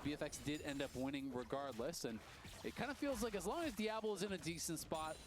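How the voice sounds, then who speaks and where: A male esports color caster with a slightly raised pitch who breaks down the play calmly. His explanations are relaxed and unhurried. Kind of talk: analytical commentary.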